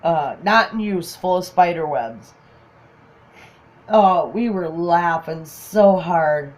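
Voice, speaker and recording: A woman's voice: fairly low pitch, lively intonation, slow pace, lo-fi sound. A middle-aged woman, a grandmother telling funny family stories in casual chat, laughing often and acting out what people said. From Minnesota, USA. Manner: laughs often, acts out quotes. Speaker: crafting channel host.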